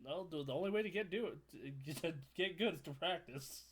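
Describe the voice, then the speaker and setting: A man co-hosting a casual gaming podcast, telling stories with animated energy, laughing and swearing freely. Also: a little high, fairly quick, breathy edge. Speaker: podcast co-host and streamer.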